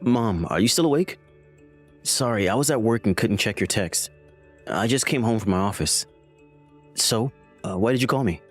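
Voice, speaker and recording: A man's voice: lowish voice, animated, moderate pace, lightly acted. A man reading the lines of a lying, jobless husband who defends himself to his mother, in a scripted text-message story. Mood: casual. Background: faint background music.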